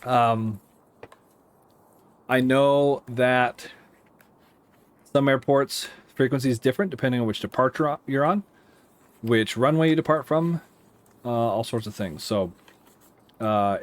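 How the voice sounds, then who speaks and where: A man who works as an air traffic controller, rambling casually while playing a simulator and breaking off to give crisp radio calls. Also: mid-range voice, fairly even intonation, unhurried, long pauses. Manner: rambling, self-interrupting, gives radio calls mid-chat. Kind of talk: casual gameplay commentary.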